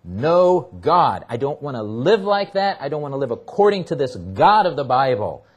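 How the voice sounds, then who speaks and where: A man's voice: mid-range voice, big pitch swings, fairly quick. A man preaching as a pastor, teaching through a Bible passage and hammering key words by repeating them. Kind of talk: expository sermon.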